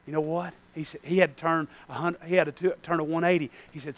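Male pastor, high gravelly voice, folksy preaching that swings between hushed and shouted. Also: fairly even intonation, a little fast, hardly any pauses, no echo. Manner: folksy, calls to the congregation. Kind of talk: sermon.

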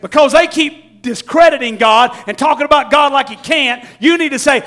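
A man preaching a sermon, folksy and laughing often, swinging from shouts to hushed tones and acting out quotes. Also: extremely high pitch, normal speed, few pauses.

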